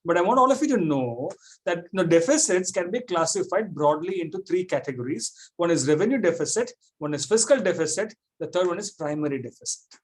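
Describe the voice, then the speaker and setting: Fast-talking, high-voiced teacher. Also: male voice, expressive, breathy edge. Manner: repetitive, checks students often. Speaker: economics teacher. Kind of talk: classroom lecture. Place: classroom.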